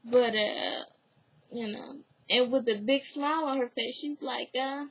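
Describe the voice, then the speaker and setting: Slow, high-voiced woman recapping TV. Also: fairly bright tone, poor audio. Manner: rambling, heavy use of "like" and "you know"; earnest and emotionally open. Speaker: TV recap vlogger. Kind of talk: casual spoken episode review.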